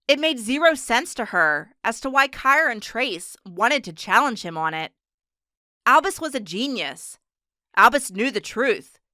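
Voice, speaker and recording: A woman narrating an audiobook in a steady, measured storytelling manner. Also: fairly high pitch, no echo, studio quality. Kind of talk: scripted narration.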